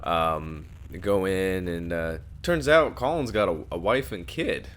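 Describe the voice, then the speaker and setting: A man's voice: sits low, a little slow. A man co-hosting a film review podcast, retelling scenes casually in a rambling way, acting out quotes as he goes. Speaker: podcast co-host.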